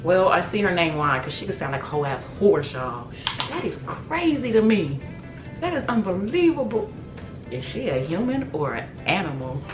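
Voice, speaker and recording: Reaction vlogger, woman, low-pitched and exclamatory, talks straight to her viewers, roomy echo on the voice. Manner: excitable, exclaiming, addresses viewers as "y'all". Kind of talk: casual reaction commentary. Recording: echoey room with music playing.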